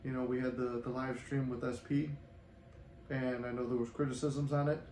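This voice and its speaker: A man's voice: medium pitch, little pitch movement, normal speed, a little mellow. A man vlogging in his apartment, rambling loosely and swearing as he encourages his viewers. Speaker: manifestation vlogger. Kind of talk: casual motivational talk to camera. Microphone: no good microphone, voice muffled. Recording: echoey room with faint noise and muffled sound.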